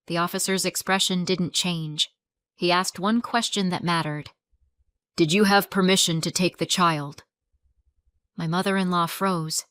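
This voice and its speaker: A woman narrating a story in a calm, measured storytelling voice. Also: fairly low pitch, smooth, no echo.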